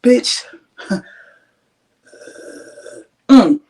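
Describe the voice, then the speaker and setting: A woman hosting a podcast, telling a story in a casual, animated and profane way, laughing often. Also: extremely slow. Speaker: podcast host.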